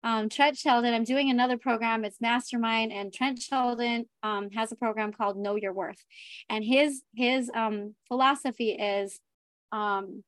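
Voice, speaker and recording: A woman's voice: fairly high pitch, steady tone, normal speed, fairly bright tone, dry recording. A woman co-hosting a podcast in casual chat, talking in a loose, chatty way with many fillers. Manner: chatty, lots of fillers like "like" and "right". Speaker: podcast co-host.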